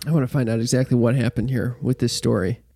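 A young man co-hosting a podcast, casual and excitable, who swears and stumbles over his words. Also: mid-range voice, fast, gravelly. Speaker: podcast co-host. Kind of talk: casual chat.

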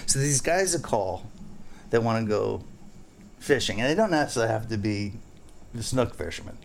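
A man's voice: on the low side, very animated, normal speed, vocal fry, slight background noise. A man who is a fishing guide, hosting a casual podcast chat and rambling through jokes and stories. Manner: rambling, joking, storytelling.

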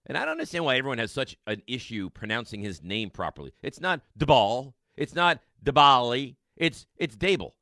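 A man hosting a sports radio show, talking in an emphatic, excitable monologue full of rhetorical questions and repeated lines. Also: medium pitch, brisk, few pauses, dry recording, clean studio sound.

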